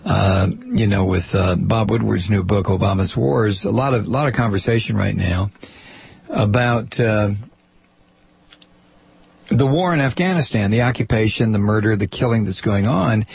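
Gravelly, husky male commentary host. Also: on the low side, normal speed, no echo, highs cut off. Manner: blunt and sarcastic, rambling. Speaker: host of his own program. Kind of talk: political commentary monologue.

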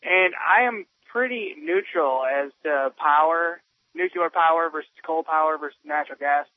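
A man's voice: a little high, normal speed, dry recording. A man calling in to a radio talk show, explaining his view earnestly with some hesitation. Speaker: caller. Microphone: telephone. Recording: tinny phone line on radio.

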